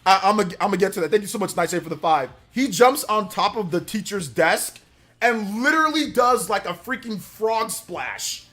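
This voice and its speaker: High-voiced young man telling stories on stream. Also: animated, normal speed, bright, forceful tone. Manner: rambling storyteller, reads out donations. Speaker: livestream host. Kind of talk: casual livestream chat.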